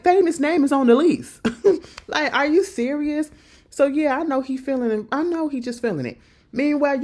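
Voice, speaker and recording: Animated woman recapping a TV show in slang. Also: fairly high pitch. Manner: animated, slangy storytelling that acts out the characters' lines. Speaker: TV episode recapper. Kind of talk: casual recap of a TV episode.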